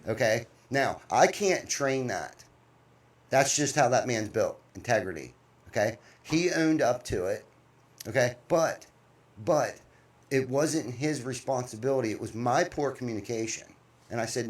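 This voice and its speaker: A man hosting a casual podcast, telling workplace stories in a blunt, animated way with some swearing. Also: medium pitch, moderate pace. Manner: animated storyteller, blunt and profane. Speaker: podcast host, business owner. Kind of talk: casual chat.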